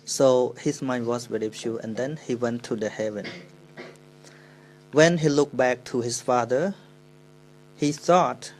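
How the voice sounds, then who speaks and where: Slow-paced Khmer-accented male monk. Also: mid-range voice, slight background noise, rough recording. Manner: slow, unhurried, speaking English with pauses and self-corrections. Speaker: Buddhist monk. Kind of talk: dharma talk with storytelling.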